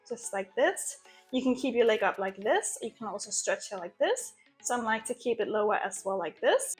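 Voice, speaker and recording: Chatty young woman coaching a workout. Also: fairly high pitch. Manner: explains exercises step by step, chatty. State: out of breath at the end. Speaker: fitness creator. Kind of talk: workout instruction vlog. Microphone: small new mic.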